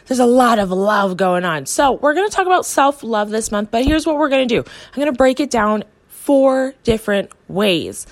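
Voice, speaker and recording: A woman's voice: fairly high pitch, big pitch swings, moderate pace, few pauses. A young adult woman from the United States, hosting a motivational podcast as a coach and speaking earnestly to her listeners. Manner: earnest, encouraging, voices the listener's inner thoughts.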